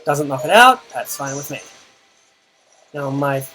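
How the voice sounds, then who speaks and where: A man's voice: medium pitch, animated, a little slow, music in the background, poor audio. A young man giving a dry, muttered running commentary on his own game, groaning at setbacks. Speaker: channel host and player. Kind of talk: live gameplay commentary.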